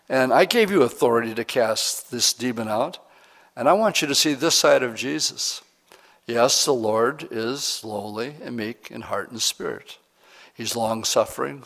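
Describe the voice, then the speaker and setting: Pastor teaching a verse-by-verse sermon. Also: male voice, medium pitch, gravelly, a bit bright. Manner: reads scripture slowly, then talks plainly and asks the congregation questions.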